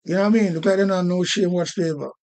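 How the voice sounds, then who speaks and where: Man, Jamaican accent, high-pitched, repetitive, swearing, casual political rant. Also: steady tone, rapid-fire, darkish tone. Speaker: live-stream host.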